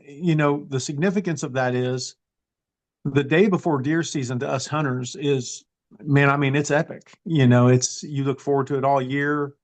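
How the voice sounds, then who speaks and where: A man, an interview guest earnestly telling a personal story with frequent restarts and fillers. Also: medium pitch. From eastern Kentucky.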